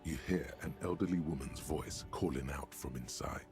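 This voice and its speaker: A man narrating a video game in a grave, deliberate voice. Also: very deep voice, a little mellow, faint music behind. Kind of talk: scripted narration.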